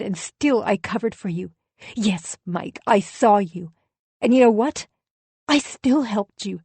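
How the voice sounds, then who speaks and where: A woman's voice: mid-range voice, warm tone, no echo. Female audiobook narrator, first person, intense dramatic read, dry booth. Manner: dramatic, emotionally charged reading.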